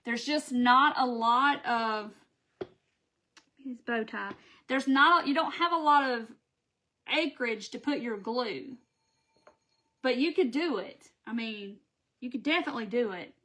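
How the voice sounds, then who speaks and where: High-voiced woman, chatty live-stream craft host, affectionate with viewers. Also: measured pace, long pauses, pushed and bright. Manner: chatty and affectionate, reads viewer names aloud. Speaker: craft seller hosting a live video. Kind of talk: casual live-stream chat.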